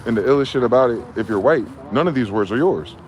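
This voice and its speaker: A man's voice: mid-range voice, animated, a little hiss or hum. A man from New Jersey delivering a heated, profane ranting monologue as a vlogger. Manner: profane, heated, fast-talking.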